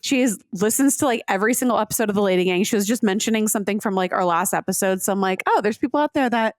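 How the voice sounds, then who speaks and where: A woman's voice: mid-range voice, racing, dry recording, clean studio sound. A woman co-hosting a podcast, telling stories in casual chat with lots of "like" fillers. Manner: chatty storyteller, many "like" fillers. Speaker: podcast co-host.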